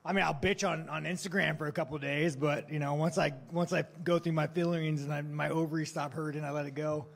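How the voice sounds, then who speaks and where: A man's voice: on the high side, flat delivery, fast talker, creaky. A man answering reporters at a post-fight press conference, blunt, profane and provocative, mocking and laughing at his own jokes.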